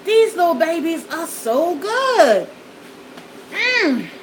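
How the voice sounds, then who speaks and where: A woman's voice: very high voice, very animated, takes it slowly, noisy background. A woman vlogger chatting folksily to her viewers while eating, at home in front of a backdrop and studio lights. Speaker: mukbang vlogger.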